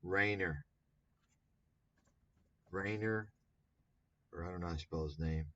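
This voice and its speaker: A man's voice: low voice, takes it slowly, fairly bright tone, dull audio. A man hosting a livestream, talking in a sarcastic, profane, rambling way. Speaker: livestream host. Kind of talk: livestream commentary.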